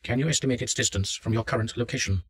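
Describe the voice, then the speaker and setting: An actor playing a calm male research doctor giving instructions over a headset, measured and clinical. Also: mid-range voice, husky, lightly acted. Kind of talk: audio drama reading.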